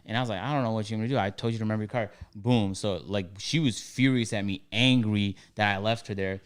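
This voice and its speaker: A man's voice: on the low side, fairly even intonation, quick pace, clean tone. A young man casually telling a story on a podcast, acting out both sides with slang.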